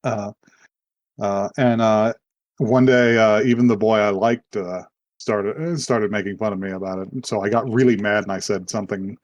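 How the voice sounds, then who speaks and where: A man's voice: lowish voice, normal speed, a little mellow, lo-fi sound. A man hosting a podcast, casually recapping an anime in a rambling way, swearing and acting out the characters' lines. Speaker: podcast host.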